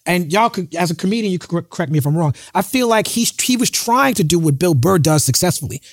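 Brief: fairly high man, measured and reasoning, dry room. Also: animated, no echo. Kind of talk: casual debate.

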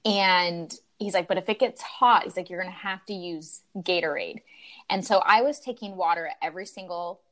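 A woman from Utah, a podcast guest, telling a race story in a lively, grateful way with lots of "like" fillers. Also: on the low side, normal speed. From Utah, USA. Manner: animated, grateful, full of "like" and "um" fillers. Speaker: podcast guest, marathon runner. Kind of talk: conversational interview storytelling.

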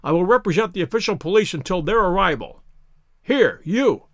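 A man voices a cold, masterful detective who gives clipped, authoritative orders. The voice sits fairly high for a man and is recorded dry and close. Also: big pitch swings, moderate pace, fairly bright tone, no echo, full character voice. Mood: commanding. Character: cold, commanding male detective. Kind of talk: audiobook character reading.

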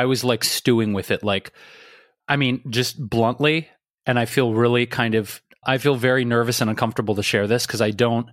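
A man's voice: mid-range voice, a bit bright, no room sound, studio quality. A man co-hosting a podcast, talking in a rambling, confessional way and swearing freely. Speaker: podcast co-host. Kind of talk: candid conversational chat.

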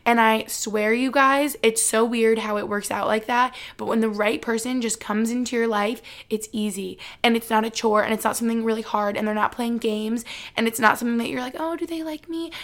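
A woman's voice: a little high, steady tone, fairly quick. A woman in her twenties, a vlogger, chatting casually to her viewers in a storytime style, filling her talk with "like". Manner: chatty, heavy use of "like", speaks straight to viewers.

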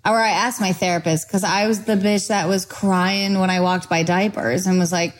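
A young woman, a singer and podcast guest, chatting and telling stories in a bubbly, excitable way. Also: lowish voice, low-quality recording. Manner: bubbly, excitable, quick to laugh. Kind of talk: casual chat, storytelling.

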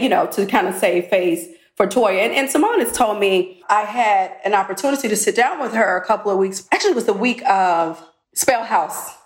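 A woman reality TV cast member telling a candid story in a podcast interview. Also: mid-range voice. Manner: candid, retells conversations. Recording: roomy echo.

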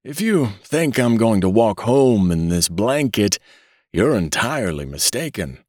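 A man's voice: fairly low pitch, very animated, a little slow, a little mellow, no echo, clean studio sound, voice pushed up. A man doing a whiny, quavering old man. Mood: petulant. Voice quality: whining, quavering. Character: querulous old man who is a newborn, male.

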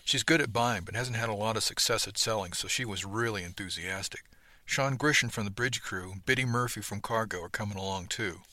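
A man voicing an eager young male trader in an audiobook, brisk and enthusiastic. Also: lowish voice, pushed and bright, no echo.

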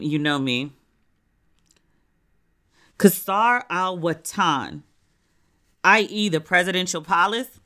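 An American voice in a casual solo travel talk, lively and candid, with a bright, forceful tone. The sound is smooth and crisp, with the occasional curse word and quick acted-out asides. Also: mid-range voice. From United States. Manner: animated and candid, swears freely, acts out what people said.

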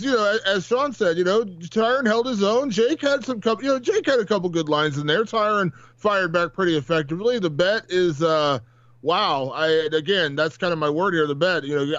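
In casual podcast chat, this co-host rambles, often restarting his sentences and leaning on fillers. His high male voice is a bit bright, captured in lo-fi audio with no echo.

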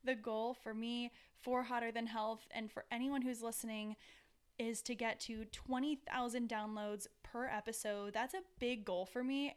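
A woman hosting a podcast, talking to listeners in an upbeat, chatty way, recorded at home. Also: fairly high pitch. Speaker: podcast host. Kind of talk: casual podcast chat. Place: home, seated on the floor.

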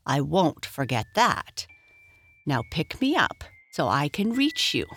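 A woman's voice: deep voice, very animated, slow, fairly bright tone, a little hiss or hum, full character voice. A woman voicing a tiny, fussy, well-spoken male grub in a read-aloud storybook.

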